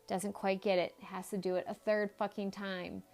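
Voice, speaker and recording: A woman's voice: mid-range voice, level tone, moderate pace, vocal fry, a little mellow, a little hiss or hum. A woman psychologist hosting a podcast, telling a personal story in a candid, emphatic way with blunt swearing.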